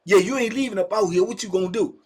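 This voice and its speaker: A cold, threatening male inmate, put on by a male storyteller who hammers out question after question. The voice sits fairly high, and the lines come quick and hard. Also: breathy edge. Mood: menacing. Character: menacing male prisoner threatening an intruder.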